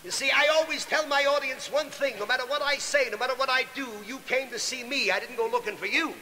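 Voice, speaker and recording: Brash high-voiced stand-up comic. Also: male voice, background noise. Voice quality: brash, rapid-fire insult comedy. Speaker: stand-up comedian. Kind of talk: raunchy stand-up routine.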